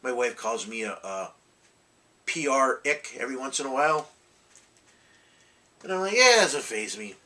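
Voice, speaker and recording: Blunt, rambling man with a bright voice. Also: mid-range voice, animated, moderate pace, pauses often, distant mic, poor audio. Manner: blunt, rambling, with frequent restarts and mild cursing. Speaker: collectibles channel host. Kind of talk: casual rambling vlog talk.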